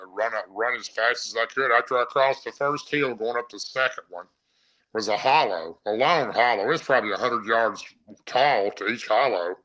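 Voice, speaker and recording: A man's voice: mid-range voice, pushed and bright, poor audio. A middle-aged man, a guest on a podcast, telling a vivid first-person story in a rambling, casual way.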